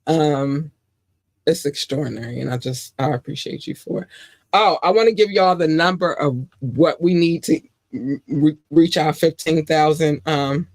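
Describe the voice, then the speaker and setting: A woman in her forties hosting a podcast, chatting casually and showering her listeners with affectionate shout-outs. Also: low-pitched, measured pace, no echo. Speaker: podcast host.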